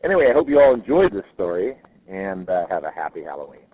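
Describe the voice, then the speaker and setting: Over tinny phone-line audio, a man tells a listener's ghost story in a rambling, casual way, full of fillers and self-corrections. His voice is low-pitched and very animated, and he talks fast, with no echo.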